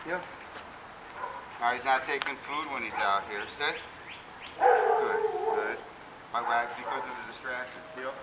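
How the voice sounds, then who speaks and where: A man working as a dog trainer, giving short commands and calm monotone praise while explaining his training outdoors. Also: medium pitch, measured pace, pauses often. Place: outdoors with barking dogs nearby. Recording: noisy outdoor recording. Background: dogs barking.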